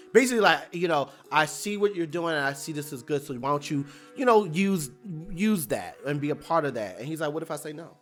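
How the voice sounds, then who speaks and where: A man casually recapping a TV episode, retelling scenes in a loose, chatty way and voicing characters' lines as he goes. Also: medium pitch. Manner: loose, chatty retelling with fillers and acted-out quotes. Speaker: TV recap reviewer.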